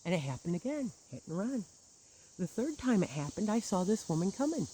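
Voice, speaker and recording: Woman, sarcastic monologue, bitter storytelling, mellow dark tone, faint crickets outdoors. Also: mid-range voice, very animated, a little fast, slight background noise, rough recording. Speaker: churchgoer recounting grievances. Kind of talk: personal monologue.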